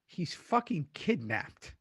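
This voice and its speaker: Middle-aged podcast host, husky voice pitched a bit high, swears a lot, very dry close sound. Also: male voice, slow, dry recording. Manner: animated, swears freely, laughs mid-sentence. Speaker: podcast host recapping a TV episode. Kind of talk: casual chat.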